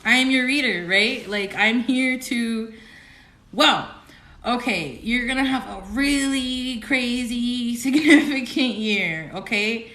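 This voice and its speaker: A woman giving a casual tarot reading to camera, who swings from low murmuring to squealing excitement and swearing. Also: slow. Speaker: tarot reader. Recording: roomy echo, faint background noise.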